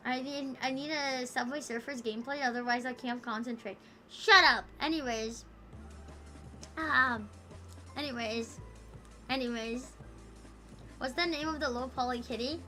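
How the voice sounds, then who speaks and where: A woman's voice: sits high, fairly even intonation, normal speed, fairly bright tone, soft background music. A woman livestreaming, chatting casually with her viewers in a rambling, profane, playful way that teases her chat.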